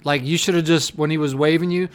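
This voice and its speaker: A man's voice: fairly high pitch, steady tone, quick pace. A man co-hosting a podcast in casual chat, ranting bluntly and swearing a lot. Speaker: podcast co-host.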